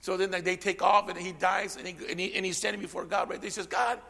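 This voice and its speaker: A man preaching a sermon as pastor, calling out amen and drawing the congregation in, swinging from shouting to a near whisper. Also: sits high, level tone, quick pace, creaky, long reverb tail. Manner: peppers speech with amen and call-and-response. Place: church sanctuary.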